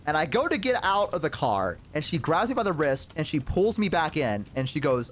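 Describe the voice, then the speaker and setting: Lively rambling male streamer. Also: a little high, brisk, hardly any pauses, a little hiss or hum. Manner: rambling, many fillers, casual swearing. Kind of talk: casual storytelling.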